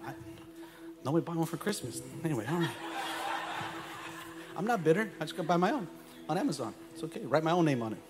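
A man preaching a sermon to his church congregation, folksy and joking, who swings from quiet asides to loud shouted preaching and calls on the crowd to answer back. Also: a little high, sing-song, fast talker, long pauses, very noisy. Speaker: pastor.

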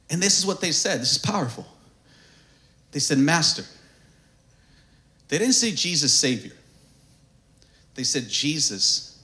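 A man pastor preaching a sermon, swinging from hushed asides to fervent shouting. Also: mid-range voice.

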